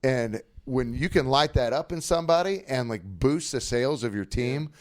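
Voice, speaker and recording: A man's voice: mid-range voice, moderate pace, no room sound, clean studio sound. A man, a former football player, telling stories energetically in a casual podcast chat. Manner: energetic, animated storyteller with lots of fillers.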